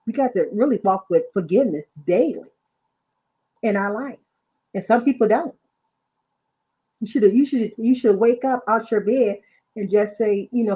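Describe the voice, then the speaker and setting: A woman's voice: mid-range voice, normal speed, warm tone, breathy edge. A woman hosting a livestream, giving casual faith talk and often asking "you know what I'm saying". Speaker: livestream host. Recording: dull lo-fi sound.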